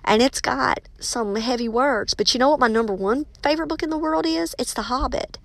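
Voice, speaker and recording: A woman's voice: high voice, fairly quick, vocal fry, no room sound. A woman, a teacher and author giving casual, emphatic advice and calling her listeners y'all.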